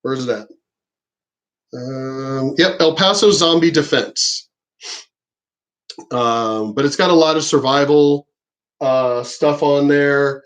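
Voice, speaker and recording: A man talking in a casual, rambling vlog, swearing freely and laughing often, getting higher and louder when he rants. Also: slow pace, pauses often. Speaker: vlogger.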